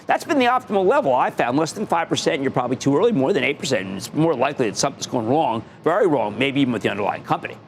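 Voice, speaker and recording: A man's voice: medium pitch, big pitch swings, very fast, few pauses, slight background noise. A middle-aged man hosting a television finance show, talking emphatically and repeating phrases for effect. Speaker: TV market show host. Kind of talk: energetic TV finance commentary.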